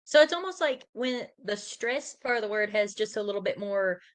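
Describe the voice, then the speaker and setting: Woman student, mid-pitched voice, hesitant and polite, asking questions. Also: lively intonation, moderate pace. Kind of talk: casual one-on-one tutoring.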